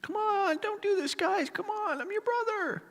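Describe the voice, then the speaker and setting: A pastor voicing a panicked young man who yells and pleads to be freed, in a high frantic voice. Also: moderate pace, big-room sound. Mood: desperate.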